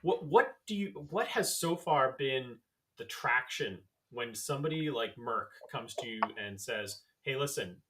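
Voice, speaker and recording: A man's voice: medium pitch, animated, measured pace, bright, forceful tone. A man co-hosting a podcast, asking questions with enthusiasm and restarting his sentences. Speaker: podcast co-host. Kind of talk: interview questions.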